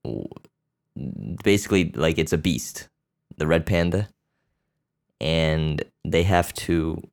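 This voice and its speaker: A man's voice: low-pitched, a little mellow, smooth. A man hosting a podcast, rambling bluntly and crudely about a movie, with lots of fillers and restarts. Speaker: podcast host. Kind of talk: casual profane movie chat.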